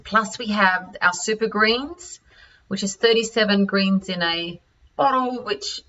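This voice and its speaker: An Australian woman presenting health products over a call, halting with many fillers and restarts. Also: mid-range voice, pushed and bright. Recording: distant, dull-sounding audio.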